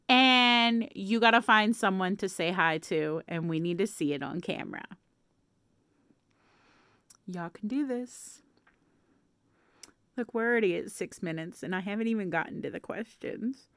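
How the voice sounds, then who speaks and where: A woman's voice: fairly high pitch, fairly bright tone, smooth, dry recording, studio quality. A woman chatting casually to camera as a vlogger, playful and laughing often.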